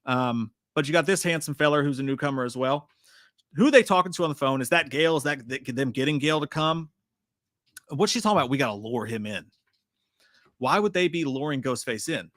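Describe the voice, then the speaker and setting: A man hosting a live breakdown stream, rambling and cursing as he reads viewer comments. His voice sits a bit high and rings bright and forceful. The sound is close and dry with no room echo. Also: fast talker. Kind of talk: casual live trailer breakdown.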